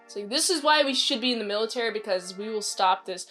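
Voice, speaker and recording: Woman reviewer, casual rambling recap, playfully exasperated, light higher voice. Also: expressive, normal speed, a bit bright. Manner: chatty, rambling, frequent "like" and "uh" fillers; playfully exasperated, talks to characters directly. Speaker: TV show reviewer. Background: faint background music.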